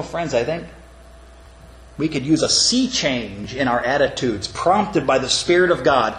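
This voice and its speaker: A man preaching a sermon in an earnest manner, often calling his listeners friends. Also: fairly high pitch. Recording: echoey room with faint background noise.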